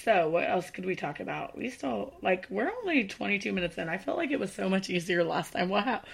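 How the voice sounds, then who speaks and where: A woman's voice: mid-range voice, lively intonation, brisk, creaky, breathy edge. A young woman co-hosting a casual podcast, chatty, giggly and self-deprecating. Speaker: podcast co-host.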